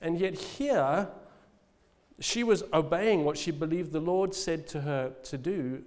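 A man's voice: on the high side, unhurried, a little mellow. A man in his forties, a pastor giving a sermon, telling a personal story in a humble, storytelling way with laughs and restarts. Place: church hall. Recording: long hall reverb.

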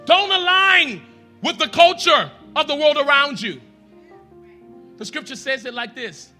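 A man preaching a sermon in a church as pastor, talking straight to the congregation and leading them in prayer, swinging from hushed lines to loud, emphatic ones. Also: very high voice, animated, measured pace, soft background music. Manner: addresses the congregation directly, leads them in prayer.

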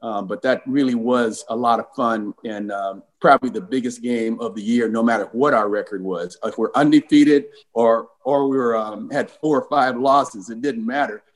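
A man in his sixties from California, a former football player telling lively game stories as an interview guest. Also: medium pitch, moderate pace, few pauses, poor audio. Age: 60s. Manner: animated, acts out the voices in his stories. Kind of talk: casual storytelling interview.

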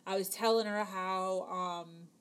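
A woman's voice: mid-range voice, steady tone, a little slow, clear, resonant tone. Chatty woman in her thirties. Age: 30s. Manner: chatty, many fillers, acts out dialogue. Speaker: vlogger telling a personal story. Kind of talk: casual storytelling to camera.

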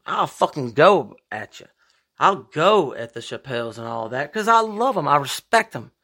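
A man hosting a podcast, talking in a profane, rambling monologue with big emphatic swings in pitch. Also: big pitch swings, moderate pace, bright, forceful tone. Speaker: podcast host. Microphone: podcast microphone.

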